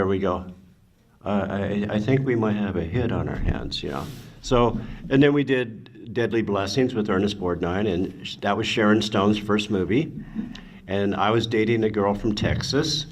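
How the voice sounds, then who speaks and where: An older man telling stories on a convention panel, animated and acting out quotes, with casual swearing. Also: on the low side, a little hiss or hum. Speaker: actor guest on a convention panel. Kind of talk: anecdotal storytelling.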